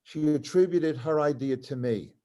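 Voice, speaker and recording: A man's voice: a little high, normal speed. An older man, a comedy writer, telling stories at a live talk and acting out the voices of the people in them. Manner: animated, acts out other people's voices in quotes. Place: cultural center venue, live event.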